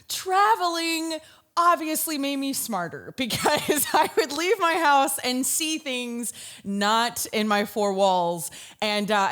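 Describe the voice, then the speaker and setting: A woman, hosting a talk show and telling comedic stories in an animated way. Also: fairly high pitch. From Southern United States. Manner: animated storyteller, bursts into shouts. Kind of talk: comedic monologue.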